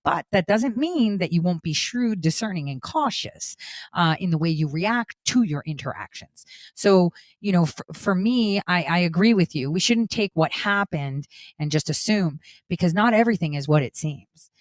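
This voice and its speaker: A woman's voice: lowish voice, expressive, normal speed, dry recording. A woman hosting a political talk show, speaking in an earnest, conversational way with casual fillers.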